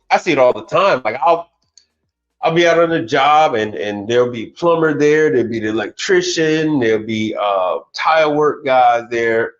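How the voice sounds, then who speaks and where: A man, an appliance technician, chatting casually on a livestream, often restarting his sentences. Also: medium pitch. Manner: casual, repetitive, starts over a lot. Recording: dull sound with faint music.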